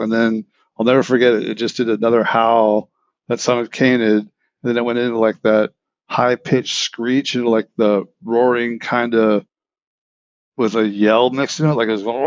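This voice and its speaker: A man's voice: mid-range voice, dry recording, muffled recording. A middle-aged man telling a long story in a casual, rambling way, full of restarts and vivid detail. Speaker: interview guest.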